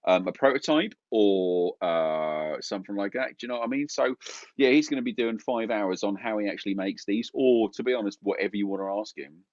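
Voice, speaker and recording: A man's voice: on the low side, a little fast, a little mellow, no echo, dull audio. A man with a Suffolk accent co-hosting a festival stream, bantering casually and jokingly, calling people mate. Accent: Suffolk English. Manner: jokey, laughing, chummy, calls people mate. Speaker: co-host of a harmonica festival stream.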